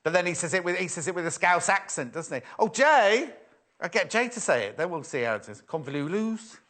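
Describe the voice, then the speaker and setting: A man's voice: sits high, sing-song, fairly quick, fairly bright tone. A man presenting a live sewing shopping show, chatty and playful as he reads out viewer messages. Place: TV studio.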